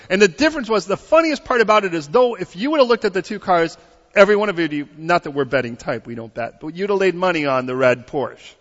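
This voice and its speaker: A man's voice: sits high, lively intonation, brisk, pushed and bright. A man preaching a sermon, telling a story in a conversational way, then building to emphatic preaching and checking in with the congregation through questions. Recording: dull audio with long hall reverb.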